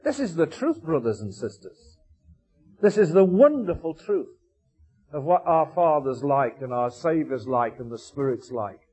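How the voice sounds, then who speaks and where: A man preaching a sermon with passion, asking rhetorical questions and swinging between loud, high bursts and quiet, low asides. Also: sing-song, a little slow, slightly rough. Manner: impassioned, rhetorical questions, wide swings in pitch and loudness.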